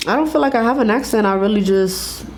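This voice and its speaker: A woman's voice: on the high side, fast, darkish tone, slight background noise. A woman from El Paso, a music reviewer and artist, talking bluntly and casually with lots of swearing as a podcast guest. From El Paso, Texas. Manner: blunt, profane, and self-assured. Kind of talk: casual interview chat.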